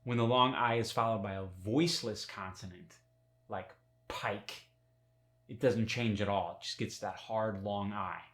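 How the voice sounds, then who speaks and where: A man teaching a dialect tutorial as an upbeat accent coach, loudly exaggerating the example words he demonstrates. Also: on the low side, normal speed, hardly any pauses, reverberant.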